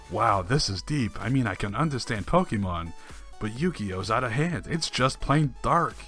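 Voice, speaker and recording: A man's voice: mid-range voice, animated, normal speed, a bit bright. A man reading old forum posts aloud and commenting on them with dry, sarcastic asides and frequent chuckles. Faint music plays behind him. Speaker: online commentator.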